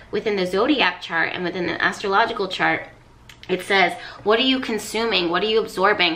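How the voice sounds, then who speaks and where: A woman's voice: mid-range voice, bright, forceful tone. A woman, a professional astrologer, giving a casual spoken astrology reading to her viewers in an earnest, coaching way, repeating phrases for emphasis. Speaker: astrologer and tarot reader.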